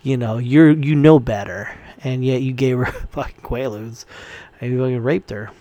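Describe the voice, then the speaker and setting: A man's voice: medium pitch, moderate pace, dark tone, no echo. A man ranting in a casual commentary, heated and profane, rambling with frequent restarts.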